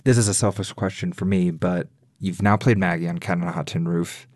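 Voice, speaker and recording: Low-voiced male interviewer. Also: brisk, dry recording, clean studio sound. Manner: relaxed, short affirmations. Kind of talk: radio arts interview.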